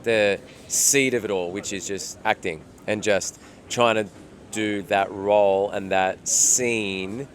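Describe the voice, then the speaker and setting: Low-voiced Australian man, thoughtful. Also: steady tone, slow. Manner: reflective, thinks aloud with fillers. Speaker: actor being interviewed. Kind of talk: casual interview answers.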